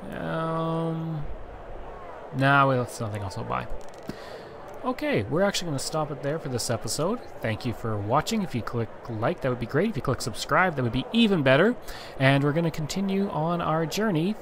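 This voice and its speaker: A man's voice: on the high side, big pitch swings, a little fast, noisy background. A man playing a video game, reading its story text aloud with mock-dramatic flair and adding self-deprecating asides. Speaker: gaming channel host.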